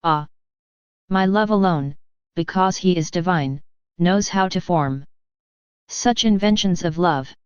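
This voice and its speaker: A woman's voice: on the low side, slow, long pauses, a little mellow, smooth, dry recording. A woman reading the words of a sorrowful divine man who pleads for love, in a solemn, earnest way. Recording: dull, slightly lo-fi dry recording.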